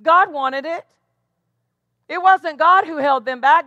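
A woman's voice: high voice, takes it slowly, bright, forceful tone, no room sound, muffled recording. A woman pastor preaching a sermon with emphatic delivery, tossing questions back to the congregation. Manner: emphatic preaching with call-and-response asides.

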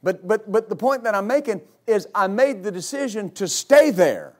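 A middle-aged male pastor giving a sermon, telling stories with loud exclamations and laughter. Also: high voice, very animated, normal speed.

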